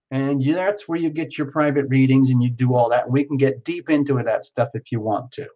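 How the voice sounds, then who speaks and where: A man's voice: medium pitch, brisk, hardly any pauses, warm tone. Live-stream host, man, rambling and teasing, muffled lo-fi sound. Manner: rambling, playful and teasing, with many fillers and restarts. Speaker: tarot reader hosting a live stream. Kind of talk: casual live-stream chat answering viewer comments.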